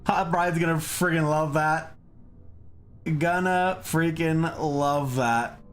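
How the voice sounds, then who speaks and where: A man hosts a casual plant livestream, playful and goofy, using slang and lots of "like" fillers and breaking into silly voices. His voice is fairly high with fairly even intonation, and he speaks slowly.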